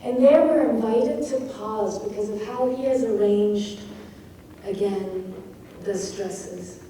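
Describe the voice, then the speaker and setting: A woman giving a poetry craft talk to an audience, slow and deliberate, stressing words one at a time. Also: medium pitch, mellow. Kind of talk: lecture to workshop audience. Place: lecture room at a poetry festival. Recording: echoey room, mic far off, faint noise.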